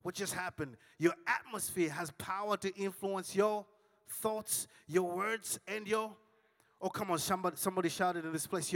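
A man preaching with a high, bright voice that leaps into shouts and then drops to a near hush. He acts out the voices in his stories and calls on the congregation to answer him. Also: big-room sound. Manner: dramatic storytelling with big swings between shouting and hushed tones; acts out dialogue with audience call-and-response. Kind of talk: sermon.

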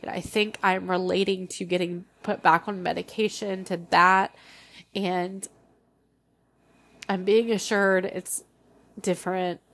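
Gravelly-voiced young woman sharing candidly. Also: lowish voice, little pitch movement, fairly bright tone. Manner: candid, emotional, halting with restarts. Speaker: podcast host. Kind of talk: personal solo podcast.

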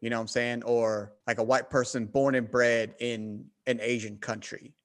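Casual American male talker, animated storyteller, mid pitch. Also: normal speed. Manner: animated storyteller, acts out quoted voices. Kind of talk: casual conversation.

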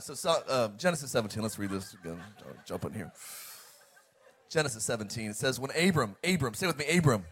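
A man preaching a sermon as pastor, joking with the congregation and reading scripture with emphasis. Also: a little high.

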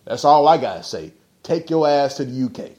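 A man's voice: mid-range voice, big pitch swings, brisk, warm tone. A man hosting a podcast, ranting bluntly in slangy, profane casual talk with heated rhetorical questions. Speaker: podcast host.

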